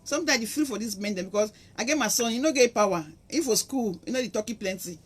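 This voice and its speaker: A woman's voice: on the high side, lively intonation, fast, husky. A middle-aged woman speaking Nigerian Pidgin English, giving an impassioned, preachy monologue to her viewers. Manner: impassioned and preachy, acts out quotes. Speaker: vlogger. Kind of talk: monologue to camera.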